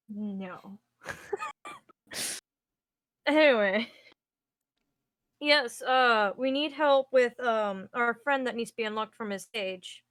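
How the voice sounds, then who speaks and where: Chatty high-voiced woman at a game table. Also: drawn-out words, long pauses, fairly bright tone, no echo, studio quality. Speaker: player. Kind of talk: casual tabletop game chat.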